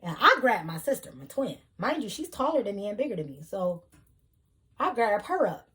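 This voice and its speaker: A young woman telling a heated storytime vlog, animated, with loud bursts. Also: mid-range voice, moderate pace. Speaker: vlogger.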